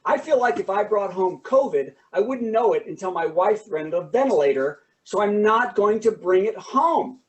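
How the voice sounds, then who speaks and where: A man doing stand-up comedy on a video call, telling lively jokes and stories. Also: high-pitched, normal speed, few pauses, distant mic, lo-fi sound. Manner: animated, joking, lively storytelling.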